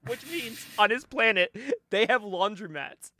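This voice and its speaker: A man co-hosting a casual podcast, recapping a comic book with constant laughter and quick acted-out dialogue. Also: high voice, slight background noise. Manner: animated, laughs often, acts out the characters' lines. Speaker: podcast co-host.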